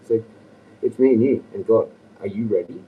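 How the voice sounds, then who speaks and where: A man's voice: lowish voice, normal speed, breathy edge, recorded from a distance, narrow, tinny audio. An Australian man rambling and ranting on a livestream, profane and agitated.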